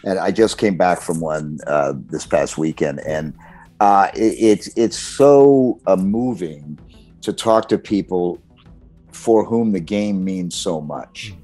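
A man's voice: low voice, slow, warm tone, faint music behind. An older man, a guest voice actor in a casual interview, talking reflectively with chuckles and many restarts.

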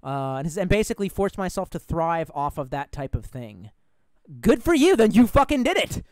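A man's voice: high voice, sing-song, moderate pace, no echo. A man chatting frankly on a live stream, rambling, swearing freely and reading out viewer comments.

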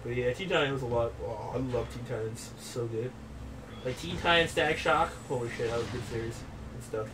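A young man hosting a gaming video, chatting casually in an excitable, rambling way with plenty of swearing. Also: mid-range voice, fairly quick. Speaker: gaming channel host. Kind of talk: casual chat over gameplay. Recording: distant mic with clear background noise.

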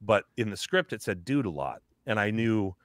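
Deep-voiced man rambling in an interview. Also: animated, normal speed, no room sound, clean studio sound. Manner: rambling, with many fillers, and slips in and out of character voices. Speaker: voice actor guest. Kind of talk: casual podcast interview.

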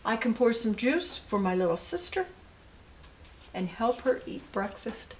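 A woman's voice: on the high side, unhurried, slight background noise. An older woman, a grandmother, reading picture books aloud to her grandchildren and adding asides to them. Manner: animated storytelling with asides to children.

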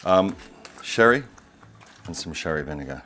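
Chatty deep-voiced man cooking. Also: animated, moderate pace, a bit bright, soft background music. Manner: chatty, digressive, enthusiastic. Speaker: cooking show host. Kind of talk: casual cooking demonstration. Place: home kitchen.

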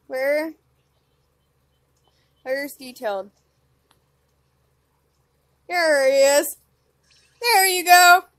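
A woman narrating her gameplay live, her very high voice leaping up and down in lively swings. She talks slowly, but she is excitable and often breaks into squeals and laughter. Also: no echo. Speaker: gaming channel host.

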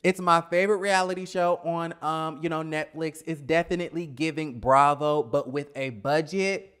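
A man's voice: on the high side, fairly even intonation, moderate pace, fairly bright tone, smooth. Sassy, blunt man reviewing reality TV. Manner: sassy, blunt, scatterbrained asides. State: getting over a cold. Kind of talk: casual review vlog.

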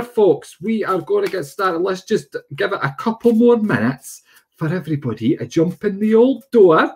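A man's voice: high voice, lively intonation, moderate pace, husky. Guy on a livestream, chatty, greets everyone by name, voice bounces up and down a lot. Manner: chatty, greets viewers by name, sing-song swoops. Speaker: psychic medium host. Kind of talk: livestream chat.

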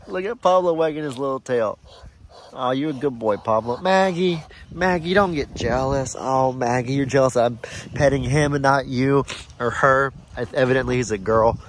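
A man filming a casual farm vlog outdoors on his phone, chatting in a rambling way and softly coaxing his animals. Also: mid-range voice, fairly quick. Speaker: farm vlogger. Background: light wind outdoors.

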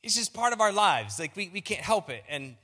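Man preaching, joking around, slightly high bright voice, big church echo. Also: big pitch swings, brisk. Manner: playful, self-mocking, repeats words. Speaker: pastor. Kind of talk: sermon. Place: large church auditorium. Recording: long reverb of a church hall.

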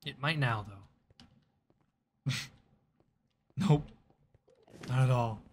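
Excitable man narrating his gameplay. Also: mid-range voice, drawn-out words. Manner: chatty, talks to game mobs, frequent startled outbursts. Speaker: gaming YouTuber. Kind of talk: live gameplay commentary.

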